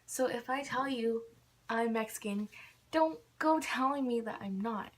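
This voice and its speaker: Irritated young woman ranting, higher voice. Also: a little slow. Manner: irritated, fills with "like" constantly. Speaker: vlogger. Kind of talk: casual ranting monologue to camera.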